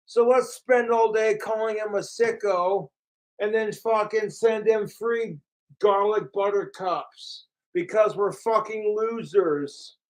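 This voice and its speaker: A man's voice: sits high, rough recording. A man ranting casually to camera, profane and mocking about his trolls. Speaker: vlogger.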